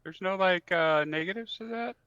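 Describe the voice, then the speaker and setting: A man playing a tabletop game who describes his moves haltingly, with many ums, and questions the rules. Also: high-pitched, sharp tone, clean tone, no echo, muffled recording. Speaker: player. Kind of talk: casual tabletop game play.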